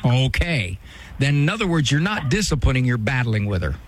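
On a call-in advice show, a male radio host coaches a caller directly and bluntly, acting out quoted voices as he goes. His medium-pitched voice is sing-song and brisk.

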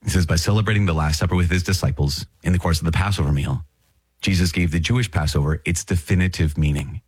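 A deep, slightly husky man teaches the catechism on his podcast, reading a passage and then unpacking it in an earnest, conversational way. He circles back and repeats key phrases for emphasis. His voice sits close and dry, with no room around it. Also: fast, dry recording. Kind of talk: casual teaching with read passages.

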